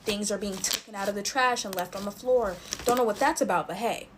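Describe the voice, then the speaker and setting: A woman's voice: medium pitch, brisk, noisy background. A woman chatting straight to her viewers, telling a scary story while she makes slime. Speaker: storytime vlogger.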